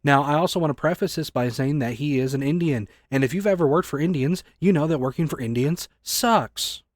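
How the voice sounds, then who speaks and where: A man in his twenties, a store clerk, ranting angrily and swearing a lot, often rising close to a shout. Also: fairly high pitch, fairly quick, dry recording. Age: 20s. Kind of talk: angry rant to camera.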